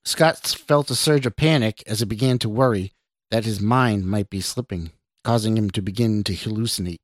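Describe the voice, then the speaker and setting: A man, a podcast host, reading his own short story aloud in an even, measured way. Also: fairly low pitch, dry recording.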